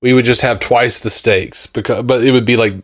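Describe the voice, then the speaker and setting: A man's voice: mid-range voice, fairly even intonation, brisk. A man co-hosting a podcast in casual chat, laid-back and jokey with a drawling delivery. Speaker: podcast co-host.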